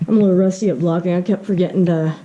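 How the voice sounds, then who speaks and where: A woman's voice: on the low side, fairly even intonation, racing, mellow, lo-fi sound. A woman chatting candidly in a casual vlog, rambling and laughing between thoughts, filmed on a handheld camera. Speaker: vlogger.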